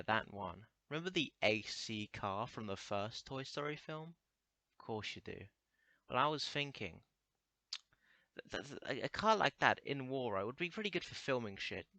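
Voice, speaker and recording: A man's voice: medium pitch, sharp tone, dry recording. A young man rambling through a crude comedic monologue, stammering and restarting often.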